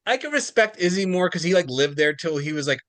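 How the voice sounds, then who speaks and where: A man co-hosting a sports podcast, rambling through his points with lots of "like" and "you know". His voice sits a bit higher than most men's. The sound is dry and close. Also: lively intonation, fast talker, a bit bright, no room sound. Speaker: podcast co-host. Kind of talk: casual chat.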